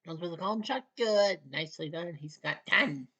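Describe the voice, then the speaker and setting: Calling a basketball video game solo and casually, this play-by-play commentator is a woman from Canada with a lowish, slightly rough voice. She fires off clipped, rapid calls and wry remarks, growing more excited toward the finish.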